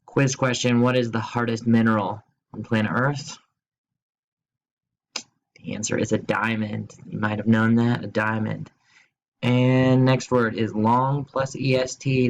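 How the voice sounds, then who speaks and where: Male teacher recording a home-school grammar lesson, mid-pitched, easygoing and jokey, spells things out slowly. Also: muffled recording. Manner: playful, asks quiz questions and jokes; slow, spelled-out explanations.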